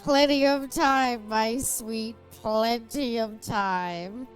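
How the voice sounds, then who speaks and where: A woman voicing a smug, lecherous male master in a slow, teasing drawl. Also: fairly high pitch, soft background music, low-quality recording. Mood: leering.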